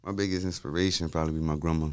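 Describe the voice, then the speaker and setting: Laid-back rapper guest, man, very deep and smooth, dry close sound. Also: steady tone, very fast, dry recording. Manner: laid-back, often says "you know what I mean". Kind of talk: casual interview talk.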